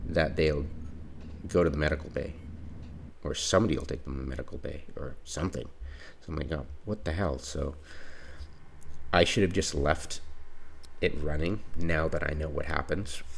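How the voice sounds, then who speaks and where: A man's voice: a bass voice, gravelly, slight background noise. A man giving casual commentary on his own gameplay, exasperated and retelling his reactions as he goes.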